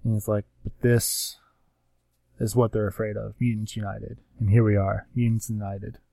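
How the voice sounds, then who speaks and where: A man with a somewhat low voice talks through a comic issue in a loose, rambling way. He fills the gaps with ums and slips into quick quoted lines from the characters. The sound is dry and close, with no room around him. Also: little pitch movement, vocal fry, mellow, dry recording. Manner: rambling recap with acted-out quotes and many fillers. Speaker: comics podcast co-host. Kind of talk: casual chat.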